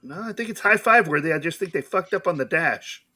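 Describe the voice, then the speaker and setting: A man playing a party card game, laughing a lot and tossing in quick reactions. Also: sits high, lively intonation, sharp tone. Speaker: player. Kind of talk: casual chat while playing a card game.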